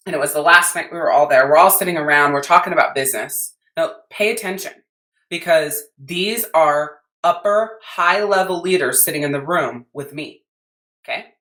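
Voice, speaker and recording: An American woman with a low voice, talking to listeners in a blunt, swear-heavy rant as a business coach. Her voice bounces around an echoey room. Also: normal speed, a bit bright. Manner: blunt, emphatic, swears freely. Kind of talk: podcast rant.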